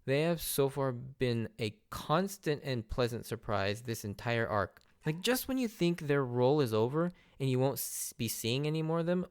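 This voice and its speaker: Smooth and mid-range, a man's voice carries his podcast as he enthusiastically goes over anime episodes in a casual way. He laughs frequently and mimics lines from the characters.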